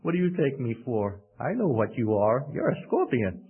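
Sleepy, skeptical male crocodile in a fable, a man doing the voice, mid-pitched, thin phone-like broadcast sound. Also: sing-song, moderate pace, lightly acted. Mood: wary. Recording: tinny radio broadcast.

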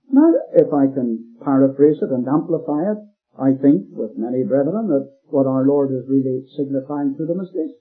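A man's voice: mid-range voice, slightly rough. A man preaching an expository sermon, stressing and repeating key phrases with emphasis. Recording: phone-like lo-fi recording with faint music.

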